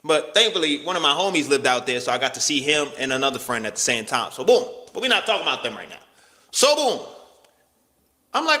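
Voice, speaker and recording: A man tells a rambling personal story in loose slang, acting out what people said with sudden jumps in his voice. His voice sits high and sounds bright and sharp. It carries a long reverb tail, as if recorded in a big hall. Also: a little fast. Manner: animated, slangy, swings pitch widely, acts out quotes. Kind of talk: casual storytelling rant.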